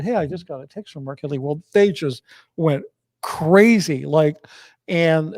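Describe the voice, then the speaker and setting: A man's voice: a little high, darkish tone, no echo. A man as interview guest, telling a personal story with many restarts and fillers.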